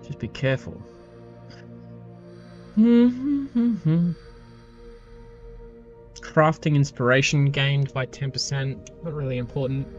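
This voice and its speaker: A man's voice: medium pitch, little pitch movement, moderate pace, hardly any pauses, muffled recording, faint music behind. A male game streamer giving casual, rambling commentary with stammered restarts and swearing.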